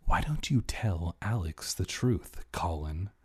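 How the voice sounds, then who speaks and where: A man's voice: medium pitch, very animated, measured pace, darkish tone, breathy edge. A man voicing a middle-aged aunt who prods and nags, in a raised voice. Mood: hushed.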